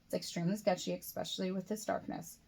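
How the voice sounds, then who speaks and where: A woman's voice: on the low side, fairly even intonation, quick pace, gravelly, a little mellow, breathy edge. A woman reading her own novel aloud as a first-person audiobook, in a plain reading voice that slips and restarts now and then.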